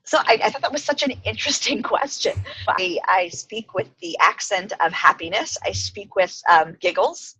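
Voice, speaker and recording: A middle-aged woman, a life coach, chatting as a podcast guest in a bubbly, giggly, expressive way. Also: medium pitch, moderate pace, few pauses, slightly rough, rough recording. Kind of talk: casual interview chat.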